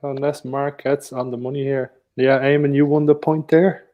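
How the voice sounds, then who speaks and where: A man's voice: medium pitch, level tone, moderate pace, lo-fi sound. Laid-back man reading quiz answers. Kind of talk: casual banter.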